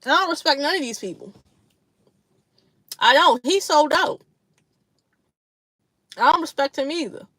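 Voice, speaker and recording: A woman's voice: high-pitched, lively intonation, a little slow, pauses often, pushed and bright, no echo. A woman hosting a casual livestream chat with her viewers, blunt, slangy and profane, laughing often between remarks. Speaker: livestream host.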